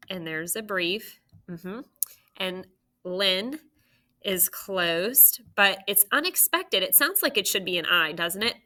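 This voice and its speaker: Woman teacher, unhurried and clear, bright tone, recorded phonics lesson for kids. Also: mid-range voice. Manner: slow, clear teacher talk with drawn-out sounds.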